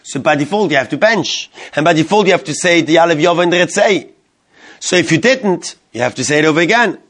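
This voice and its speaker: Guy a high voice teaching halacha to a class, translating the hebrew as he goes, lots of questions to the room. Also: expressive, fast, a bit bright. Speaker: Torah teacher. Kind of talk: Talmudic-style halacha class.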